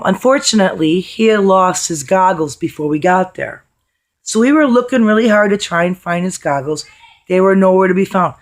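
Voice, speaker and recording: A hoarse woman telling a story in a casual vlog, chatty and blunt, swearing freely. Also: mid-range voice. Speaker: vlogger.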